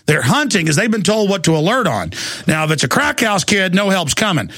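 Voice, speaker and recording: A man's voice: high voice, big pitch swings, brisk, bright, forceful tone, husky, no echo. A middle-aged man hosting a talk radio show, ranting heatedly and often stammering and repeating his words.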